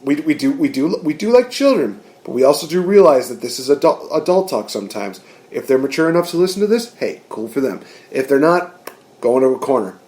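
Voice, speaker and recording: A man hosting a podcast, chatting excitedly, laughing and rambling as he recaps. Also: mid-range voice, brisk. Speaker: podcast host. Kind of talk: casual chat.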